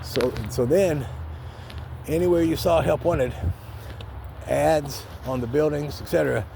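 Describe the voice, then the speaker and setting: An older man tells his story in a loose, rambling way, swearing freely and voicing the people he quotes. His voice is gravelly and mellow. Faint street noise comes through around him outdoors. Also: a little high, fairly even intonation, a little slow. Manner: rambling, candid, restarts often, swears, acts out quotes. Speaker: vlogger telling a life story. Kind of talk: casual storytelling.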